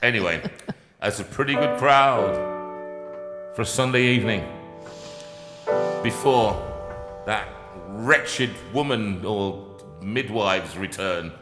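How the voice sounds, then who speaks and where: A man's voice: on the low side, slow, pauses often. A man in his sixties, a singer hosting a live concert, teasing and joking with self-mocking banter. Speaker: singer and show host. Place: concert room. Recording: echoey hall with piano.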